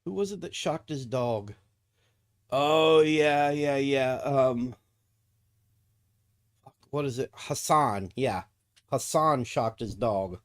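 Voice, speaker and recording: A man's voice: medium pitch, slow, pauses often. A man streaming casually, cooing to his dog in baby talk and swearing freely when he rants. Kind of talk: casual live-stream chat.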